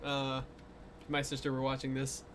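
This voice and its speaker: Bright, giggly, rambling with fillers, playful streamer, slight hum behind. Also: mid-range voice, monotone, moderate pace. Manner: rambling with many fillers, breaks into giggling fits; self-mocking, playful. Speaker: artist streaming drawing requests. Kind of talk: casual livestream chat while drawing.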